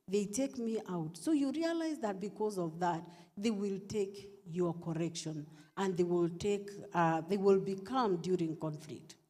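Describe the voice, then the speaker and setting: A woman's voice: medium pitch, warm tone. A woman counselor giving parenting advice at a church event, stressing and repeating her key points. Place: church hall. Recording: long reverb of a large hall.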